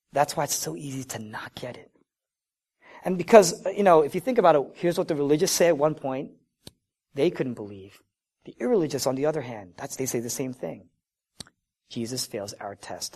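A man preaching a sermon, animated, swinging between loud emphatic lines and low, quiet ones. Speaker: pastor.

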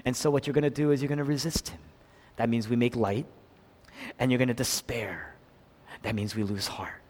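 A man's voice: steady tone, fairly quick, darkish tone. Man preaching in an echoing hall. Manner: dynamic preaching, acts out quotes with big swings in pitch and volume. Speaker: pastor. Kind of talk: sermon. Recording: long reverb of a large hall.

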